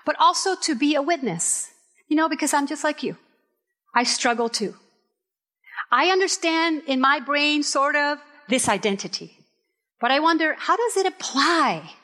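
A middle-aged woman pastor from Puerto Rico, preaching a candid sermon with personal stories and emphatic, drawn-out phrases. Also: sits high, pushed and bright. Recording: reverberant hall.

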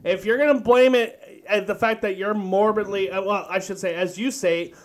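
A man's voice: sits high, steady tone, normal speed. A man co-hosting a casual podcast, reacting to clips with crude jokes and frequent laughter. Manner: crude, joking, laughs often. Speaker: podcast co-host.

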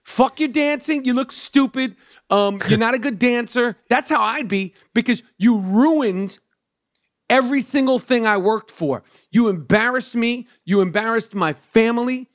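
A man's voice: extremely high pitch, measured pace, no echo, studio quality. A man in casual chat, ranting heatedly with lots of swearing.

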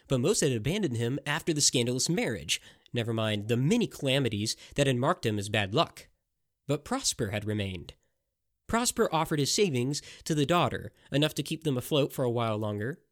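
A man narrating a dramatic historical tale in an expressive storytelling manner. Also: mid-range voice.

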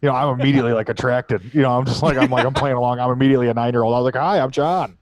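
A young man in casual podcast banter, animated and loud as he tells a story. He swears freely and jumps into squeaky impressions of other people. His voice sits at an ordinary middle pitch. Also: racing, no echo. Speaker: podcast co-host.

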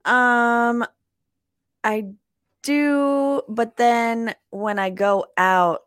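A woman's voice: on the high side, steady tone, very slow, a bit bright, smooth, no room sound, clean studio sound. A young woman co-hosting a podcast, chatting casually and laughing often at herself. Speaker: podcast co-host. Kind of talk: casual chat.

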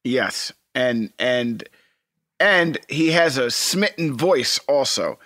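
Male co-host, slightly high and very animated, dry close sound. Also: slow, no room sound. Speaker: podcast co-host. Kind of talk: casual episode recap chat.

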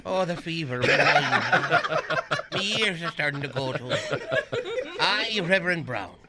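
A cranky old Irishman on his deathbed, as a male radio host puts him on, with a put-on Irish accent and a high, swooping voice. He keeps breaking into laughter. Loud noise hisses under the recording. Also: expressive, slow. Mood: groaning. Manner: breaking into laughter mid-line. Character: dying old Irish man, cranky and suspicious. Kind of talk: comedy radio skit.

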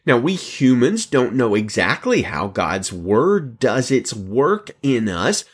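Male pastor, sermon, animated storyteller, wide-ranging lively pitch. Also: a little slow, hardly any pauses. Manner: animated preaching with emphatic rises; storytelling, quoting another preacher.

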